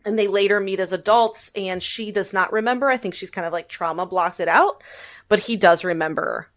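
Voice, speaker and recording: Casting: woman podcast host, mid-pitched, animated, laughs through her stories. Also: a little fast. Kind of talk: casual chat.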